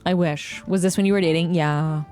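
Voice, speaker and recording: A woman's voice: fairly low pitch, steady tone, normal speed, darkish tone, faint music behind. A young American woman streaming from home into a desk microphone, chatting casually with viewers, joking, teasing and swearing freely.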